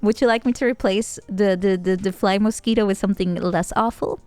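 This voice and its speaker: A woman VTuber chatting casually on stream, playful and giggly, with sudden bursts of excitement. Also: medium pitch, fairly quick, dry recording, soft background music.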